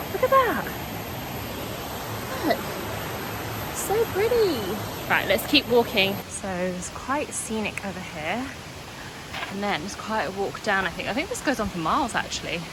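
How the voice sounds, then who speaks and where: A woman's voice: medium pitch, noisy background. A young woman, narrating a travel vlog to a handheld camera in a chatty, upbeat way with frequent exclamations. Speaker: travel vlogger.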